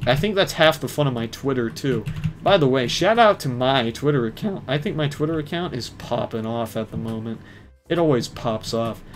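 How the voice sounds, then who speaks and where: A man streaming a game live, rambling in a casual, chatty way. His humor is ironic and mock-pompous, often poking fun at himself. His voice sits at an everyday middle pitch, with soft music playing in the background. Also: lively intonation, moderate pace.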